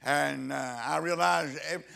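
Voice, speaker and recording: Fervent male preacher with a high voice, stumbling restarts and loud rising emphasis. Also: fairly even intonation, gravelly. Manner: halting with repeated restarts. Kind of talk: sermon.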